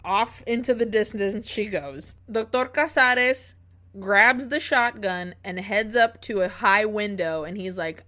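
A woman co-hosting a podcast, retelling a film's plot in a lively, casual way, acting out the characters' lines and swearing freely. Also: mid-range voice. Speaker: podcast co-host. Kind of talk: casual film recap chat.

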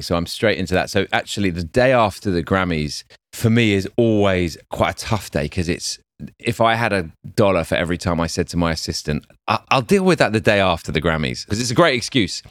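Tired, slightly croaky English man. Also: deep voice, fairly quick, dry recording, studio quality. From England. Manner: chatty, animated storytelling. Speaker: executive producer, guest. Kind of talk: casual interview.

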